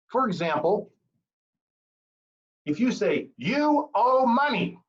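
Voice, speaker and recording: Animated man giving a humorous speech. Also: fairly high pitch, highs cut off. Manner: humorous, animated storytelling delivery. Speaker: Toastmasters speaker. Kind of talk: prepared club speech.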